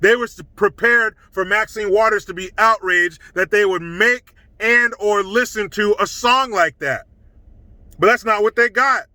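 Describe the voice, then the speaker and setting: A man's voice: sits high, unhurried, bright, forceful tone, no room sound, rough recording. A middle-aged man giving a blunt, scornful opinion monologue as a commentary vlogger.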